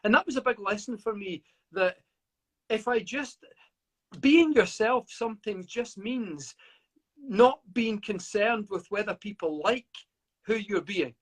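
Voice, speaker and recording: Stammering, reflective man, high voice. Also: expressive, measured pace, a bit bright. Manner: reflective, with frequent stammered restarts. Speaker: guest author. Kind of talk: interview over a live video call.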